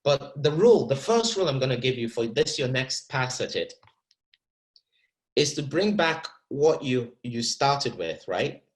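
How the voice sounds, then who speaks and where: A man coaching actors through verse in a masterclass, animated and encouraging. He often repeats a word while searching for the next thought, and his voice sits at an ordinary middle pitch. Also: unhurried, poor audio. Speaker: acting teacher.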